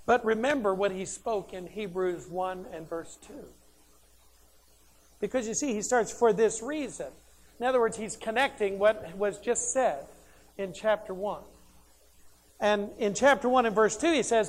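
A man's voice: sits high, lively intonation, a little slow. A man preaching a sermon, emphatic and conversational, who asks questions and answers them himself.

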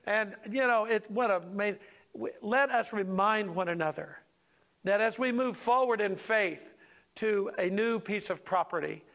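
A male pastor preaching a sermon in a church, folksy and animated, talking to the congregation with asides and questions. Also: high voice, moderate pace, vocal fry.

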